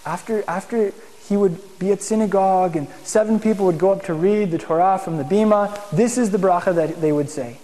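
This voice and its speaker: High-voiced man preaching in a reverberant hall. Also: fairly quick, hardly any pauses, warm tone. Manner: conversational, asks the room questions. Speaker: congregation teacher. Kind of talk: sermon. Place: meeting room with congregation.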